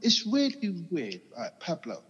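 Husky Cockney man telling his story. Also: sits high, wildly swooping pitch, unhurried, fairly bright tone, long reverb tail, dull audio. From England. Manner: rambling, keeps asking "you know what I mean?". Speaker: guest. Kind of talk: candid personal storytelling.

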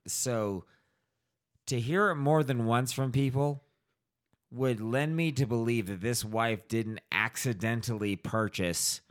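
A man's voice: medium pitch, slow pace. A man co-hosting a casual podcast chat, swearing freely and acting out little scenes as he tells stories. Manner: profane, animated storytelling with acted-out voices.

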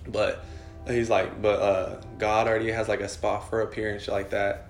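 A man's voice: lowish voice, little pitch movement, moderate pace, reverberant, soft background music. A young man telling a story in casual chat, rambling with lots of fillers and swearing. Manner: rambling, swears a lot, many "like" fillers, laughs while telling.

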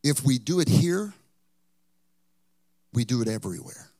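A man preaching a sermon, telling a story and then pressing his point, at times rising to loud outbursts and at times dropping to a whisper. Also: mid-range voice, animated, measured pace, no echo, studio quality. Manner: drops to a whisper for emphasis. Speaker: pastor.

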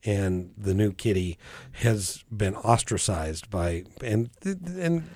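A man calling in to an advice show, telling his problem in a relaxed, halting way. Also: fairly low pitch, dry recording. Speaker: caller. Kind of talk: casual chat.

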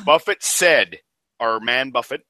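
A man's voice: medium pitch, expressive, measured pace, sharp tone, dry recording. A man co-hosting a podcast, joking with crude banter in casual chat. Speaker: podcast co-host.

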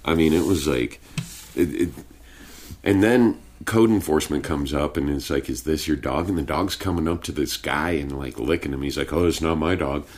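A man's voice: very deep voice, normal speed, a little mellow. A young man chatting casually, telling rambling, profane stories in a laid-back way. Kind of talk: casual chat. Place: home studio with sound blankets.

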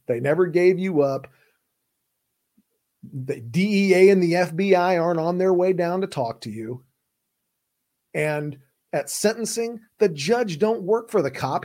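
A man's voice: high voice, darkish tone. Emphatic, plain-spoken male lawyer. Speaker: podcast host and criminal defense lawyer. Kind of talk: casual explainer talk.

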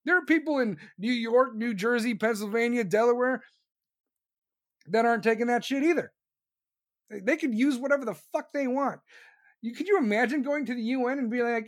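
A host in full rant, swearing constantly and dripping with sarcasm. The voice sits at a middle pitch, and the talk runs fast and heated, hammering the same points over and over and slipping into mocking impressions of officials. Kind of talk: profane ranting commentary.

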